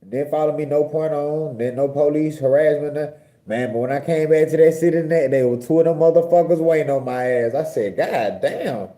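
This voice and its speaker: A young man from Georgia, telling a story in a casual, profane, animated way. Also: a little high, brisk. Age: young adult. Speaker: vlogger.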